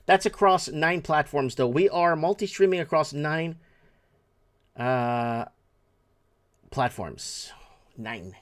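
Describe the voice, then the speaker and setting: A man's voice: on the high side, animated, takes it slowly, long pauses. A middle-aged man hosting a livestream show, talking casually in a rambling, blunt way and swearing freely.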